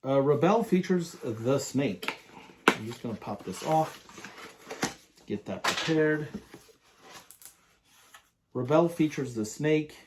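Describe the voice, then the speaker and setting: A man reviewing perfumes in a casual, enthusiastic, rambling way, often pausing to read product descriptions aloud. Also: on the high side, animated, slight background noise.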